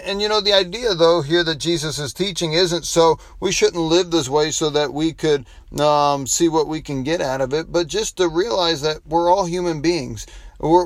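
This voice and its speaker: A man's voice: fairly high pitch, no room sound. A man preaching a devotional sermon, telling a folksy story with frequent restarts and closing in prayer. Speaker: pastor.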